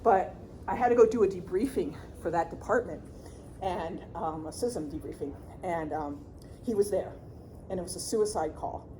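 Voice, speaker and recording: A middle-aged woman giving a workshop talk on grief as a counselor, chatty and lively, often checking in with the audience and laughing. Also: lowish voice, moderate pace, slight background noise.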